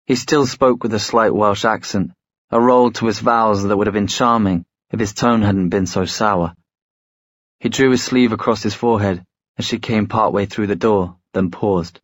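A man narrating a story in a measured, storytelling way. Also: on the low side, dry recording. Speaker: audiobook narrator. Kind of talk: scripted narration.

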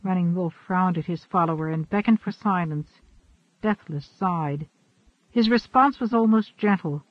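High-voiced man narrating an audiobook. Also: a little slow, dry recording. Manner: steady, expressive storytelling. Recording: dull, dry recording.

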